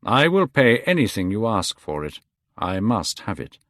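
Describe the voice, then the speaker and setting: A man voicing a witty, cynical aristocratic gentleman in a cool, dry manner. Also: fairly low pitch, sing-song, moderate pace, no room sound. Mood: amused.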